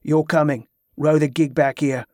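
A man voicing a terse, blank male tracker who speaks flatly. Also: fairly high pitch, moderate pace, no room sound, clean studio sound, close to an everyday voice.

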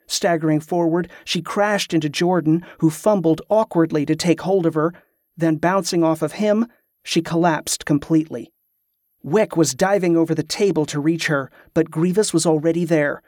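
A man reading an audiobook in a steady, even narrating voice. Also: on the high side, no echo, studio quality. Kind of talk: scripted narration.

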